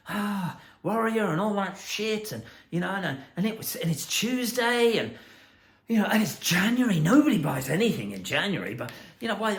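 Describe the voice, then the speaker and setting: A man coaching about accountability in a blunt, intense, swearing monologue. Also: high voice. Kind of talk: profane motivational monologue.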